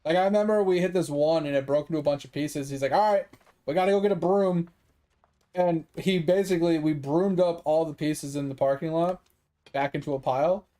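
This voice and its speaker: A man's voice: on the high side, a little fast, warm tone. A man chatting casually with his stream viewers, rambling and swearing freely, breaking into laughs often. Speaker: gaming streamer.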